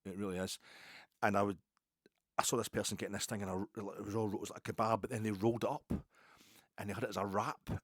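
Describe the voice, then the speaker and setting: Deep-voiced Glaswegian man telling stories. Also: fairly even intonation, fast talker, pauses often, breathy edge, dry recording, clean studio sound. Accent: Glaswegian Scottish. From Scotland. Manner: rambling, jokey, many asides and restarts. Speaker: football podcast host. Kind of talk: casual storytelling chat.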